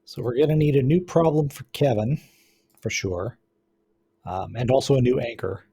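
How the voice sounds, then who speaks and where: A man running a tabletop role-playing game as game master, explaining in a relaxed way with frequent restarts. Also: medium pitch, moderate pace, vocal fry, slightly rough.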